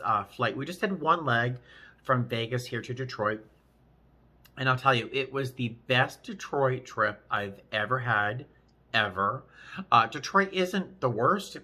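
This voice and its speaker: A man casually vlogging while eating, chatting with frequent restarts and pauses to chew. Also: mid-range voice, pushed and bright. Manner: chatty, chewing between sentences; rambling with many restarts. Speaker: vlogger, flight attendant.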